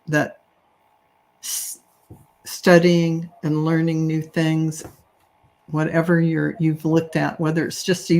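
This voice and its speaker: A woman working as a psychic medium, gently passing on spirit messages in an unhurried, reassuring way with soft fillers. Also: sits low.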